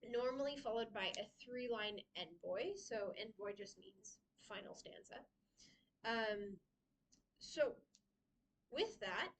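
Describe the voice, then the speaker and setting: Chatty woman teaching, slightly high voice. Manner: chatty, many "um"s, laughs often between points. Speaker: library writing workshop presenter. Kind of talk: casual teaching talk.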